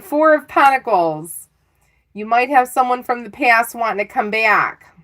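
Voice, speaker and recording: A woman's voice: on the high side, moderate pace, sharp tone. A middle-aged woman giving a live tarot reading in a chatty, self-teasing way, laughing often. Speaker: tarot reader.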